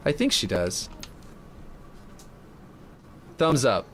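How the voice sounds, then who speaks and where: A man's voice: medium pitch, lively intonation, normal speed, fairly bright tone, slight background noise. A man streaming a game map build live, chatting casually and thinking aloud in a self-mocking way.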